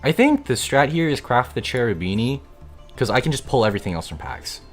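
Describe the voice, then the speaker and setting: A young man chatting on a live gaming stream, excitable and grumbling, swearing casually as he talks to his viewers. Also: mid-range voice, a little fast, faint music behind. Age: young adult.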